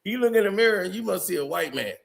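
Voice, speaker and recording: A man's voice: high voice, lively intonation, fast talker, gravelly. A man commenting on a video clip in a casual, incredulous way, laughing often.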